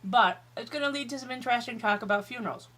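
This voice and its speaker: A woman's voice: a little high, fast talker, a bit bright, a little hiss or hum. A tired woman vlogging from her home office, talking candidly and rambling with profanity and self-mocking jokes. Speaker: YouTube vlogger. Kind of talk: casual chatty vlog while eating.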